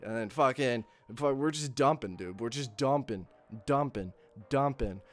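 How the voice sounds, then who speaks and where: A man hosting his channel, telling a casual anecdote with constant swearing and lively acting out of his own lines. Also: mid-range voice, a little slow. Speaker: channel host.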